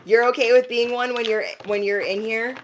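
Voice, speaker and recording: A woman's voice: fairly high pitch, steady tone, moderate pace, very noisy. A woman giving a live-streamed zodiac reading. She is chatty and slangy, talks straight to her viewers, and often acts out quoted voices. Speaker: intuitive card reader.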